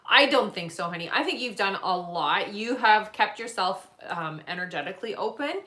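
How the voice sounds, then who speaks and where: A woman answers questions in a live psychic reading, her voice bright and forward. She speaks gently and reassuringly, pausing with fillers as she picks up impressions. The sound bounces around an echoey room. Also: medium pitch, expressive. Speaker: psychic reader.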